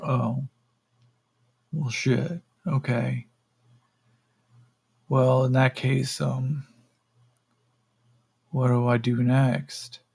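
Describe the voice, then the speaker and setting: A man's voice: mid-range voice, level tone, drawn-out words, gravelly, long pauses, darkish tone, breathy edge, heavily acted. A man voicing a naive, meek young human juicer who talks hesitantly and eagerly. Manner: hesitant, eager to please, trailing ums.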